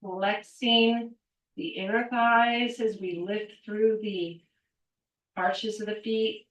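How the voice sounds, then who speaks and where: A woman's voice: mid-range voice, fairly even intonation, takes it slowly, highs cut off. Echoey distant woman leading qigong. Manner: counts aloud and cues movements. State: a little out of breath. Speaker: qigong instructor. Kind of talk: guided exercise class. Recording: echoey room, voice away from mic.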